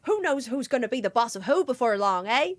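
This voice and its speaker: A woman's voice: on the high side, sing-song, fairly quick. A woman voicing a game character in a put-on West Country farmer accent, with an exaggerated rustic drawl. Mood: teasing. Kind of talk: reading game dialogue aloud on a stream.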